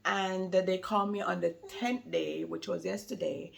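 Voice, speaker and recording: A woman's voice: on the low side, fairly even intonation, normal speed, gravelly. A woman chatting casually to camera about being a new mother, rambling and laughing often, with a slight lingering cold.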